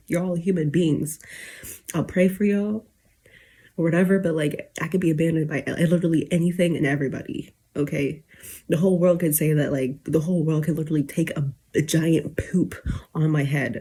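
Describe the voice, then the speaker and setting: A woman's voice: sits low, dark tone, breathy edge. A woman in her twenties ranting casually to camera late at night, rambling with lots of fillers and holding back tears as she gets emotional. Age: 20s. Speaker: YouTuber.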